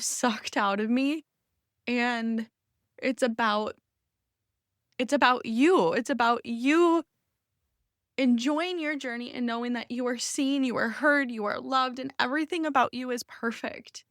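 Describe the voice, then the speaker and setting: A woman podcast host in her thirties, speaking off the cuff with open, rambling warmth and an emotional catch. Her voice sits a little high, and the recording is close and dry with no room sound. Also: fairly even intonation, unhurried, dry recording. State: emotional, near tears. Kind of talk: unscripted personal podcast talk.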